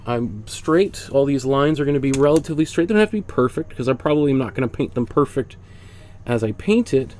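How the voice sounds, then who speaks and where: A man's voice: medium pitch, expressive, brisk, darkish tone. Congested man teaching a painting class. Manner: chatty, explains step by step while working. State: congested with a cold. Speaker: art instructor. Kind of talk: casual painting demonstration.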